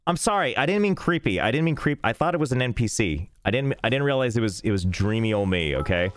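Here a man at medium pitch speaks quickly and very animatedly, recorded cleanly in a studio with no echo. During his game stream he jokes about himself and chats casually as he battles technical issues, with game music faintly audible.

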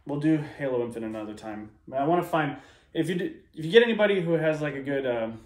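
A man's voice: a little high, lively intonation, fast, echoey room. A man hosting a reaction video, talking casually in a rambling, sarcastic way with plenty of swearing.

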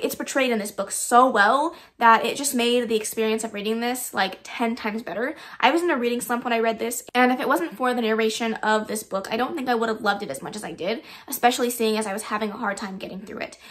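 A woman book vlogger giving casual, enthusiastic audiobook recommendations, with frequent ums. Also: on the high side. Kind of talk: casual book review vlog.

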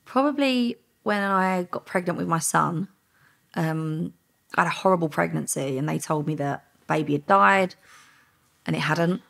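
A former undercover officer from England tells her story in a casual interview. Her voice sits very low, husky and gravelly. She acts out each exchange with lively energy. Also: normal speed. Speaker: former undercover police officer, podcast guest.

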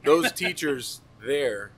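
A man in his thirties hosting a podcast, reminiscing in a relaxed, easygoing way. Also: a little high, slow pace, noisy background. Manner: relaxed, reminiscing, laughs easily. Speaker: podcast host. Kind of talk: casual conversation.

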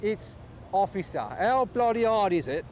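A man playing a fed-up male police officer who rants gruffly. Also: sits high, lively intonation, moderate pace, very noisy. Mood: exasperated.

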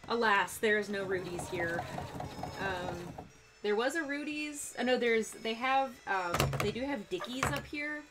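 Over music, a young woman from Texas talks unhurriedly in a fairly high voice with lively intonation. She's a cosplay streamer sewing on a live stream, chatting casually with a faint Texan accent, rambling and breaking off mid-thought with laughs.

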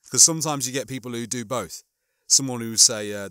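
Sex: man. Role: audiobook reader. Style: comic novel reading. Tone: bright. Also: mid-range voice, fast talker, clean tone, no room sound, studio quality. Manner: animated, chatty asides.

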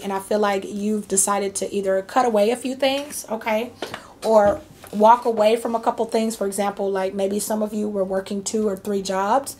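A woman's voice: medium pitch, fairly even intonation, normal speed, darkish tone, slight background noise. A woman giving a casual tarot reading, chatty and reassuring, with many fillers and frequent okays. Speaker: tarot reader.

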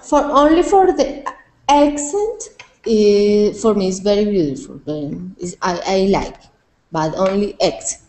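A woman's voice: mid-range voice, lively intonation, unhurried, a little mellow, low-quality recording. A woman whose first language is Spanish, with a Colombian accent, practicing English conversation hesitantly and searching for words. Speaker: English student.

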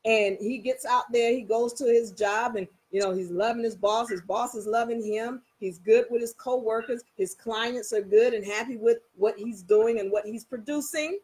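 A woman teaching in a casual, animated way, telling everyday stories and checking that listeners follow. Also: a little high, normal speed, few pauses, slightly rough, low-quality recording. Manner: animated, storytelling, coaxing listeners. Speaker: spiritual teacher. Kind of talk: casual motivational talk.

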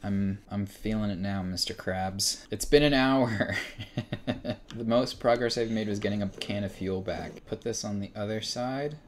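A young man streaming a horror game, commenting in an exasperated way and breaking into shouts and laughs. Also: fairly low pitch, measured pace, a little hiss or hum. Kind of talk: frustrated gameplay commentary.

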